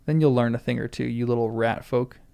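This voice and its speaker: A man's voice: medium pitch, steady tone, brisk, vocal fry, dark tone, clear, resonant tone, voice pushed down, natural voice. A man reading aloud as a sneering, threatening ruffian from a novel. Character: menacing mocking ruffian man, squint-eyed bully.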